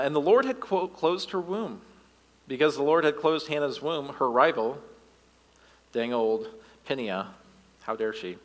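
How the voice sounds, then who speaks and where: Male youth pastor, mid-pitched voice, reads scripture in church and adds quips, long hall reverb. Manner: reads the passage aloud and breaks in with joking asides. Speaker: youth director preaching. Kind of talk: sermon reading scripture with asides. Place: church sanctuary.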